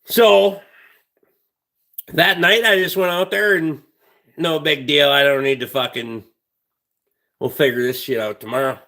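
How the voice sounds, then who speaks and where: A man with a bright, edgy tone and a slightly high voice, hosting a livestream. He rambles through stories in a blunt, heavily profane, casual way. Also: fairly even intonation, a little slow, long pauses. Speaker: livestream host.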